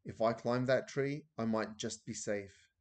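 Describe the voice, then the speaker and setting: A man's voice: mid-range voice, measured pace, lightly acted. A man reading aloud as an elderly grandmother who tells a thrilling adventure story breathlessly.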